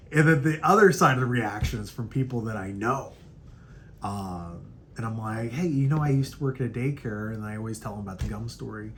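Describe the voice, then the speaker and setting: A young man hosting a casual podcast, telling a story in a loose, profane way and acting out quotes in a higher voice. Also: brisk, slight background noise. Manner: animated, profane, acts out quotes in raised pitch. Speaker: podcast host.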